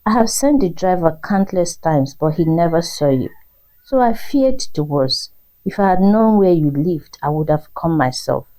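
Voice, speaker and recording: A woman's voice: lowish voice, lively intonation, moderate pace, dark tone, lightly acted, rough recording. A woman voicing a fussing motherly lady. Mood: worried. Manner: affectionate, fussing. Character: warm motherly middle-aged woman.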